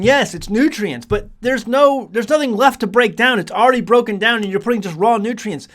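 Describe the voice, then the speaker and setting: A man's voice: high voice, a little fast, hardly any pauses, fairly bright tone. A man casually talking to the camera about his homestead, rambling along with restarts, fillers and frequent chuckles. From United States. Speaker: homesteading vlogger.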